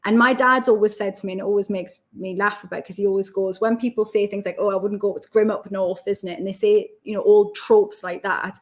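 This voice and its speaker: A woman with a Geordie accent, from Newcastle, chatting as an interview guest and telling lively stories. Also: medium pitch, a little fast, hardly any pauses. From Newcastle, North East England. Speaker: guest, self-development coach. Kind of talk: casual interview chat.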